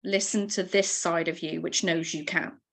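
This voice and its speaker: A woman's voice: on the low side, steady tone, moderate pace, creaky, a bit bright. A woman in her thirties giving an encouraging, emotional motivational training to her team over a video call.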